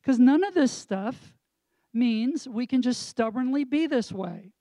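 A man's voice: very high voice, lively intonation, unhurried, mellow, no room sound. A man co-hosting a casual talk about marriage as a counselor, explaining reflectively with examples and rhetorical questions. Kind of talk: casual chat with a pastoral tone.

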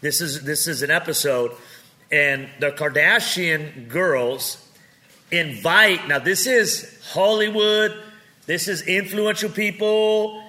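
A man preaching with comic storytelling, animated and joking, swinging from loud to quiet. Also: on the high side, slow pace.

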